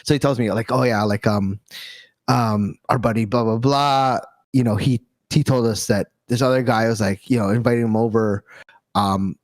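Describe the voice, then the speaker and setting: A man's voice: medium pitch, fairly even intonation, moderate pace, no room sound. A man co-hosting a casual podcast, telling stories in a rambling, stop-start way and laughing often. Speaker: podcast co-host.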